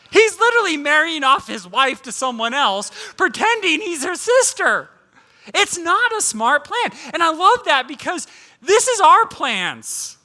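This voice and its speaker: Male guest preacher with a high, very animated voice, telling his sermon with humor. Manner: humorous, conversational preaching with playful asides.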